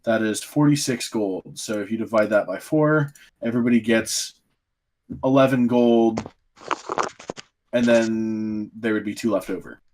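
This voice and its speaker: A man acting as game master, calmly counting out loot and explaining rules, with frequent apologies. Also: fairly low pitch, slight background noise. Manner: unhurried, counts things out, apologetic. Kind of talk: running a tabletop game.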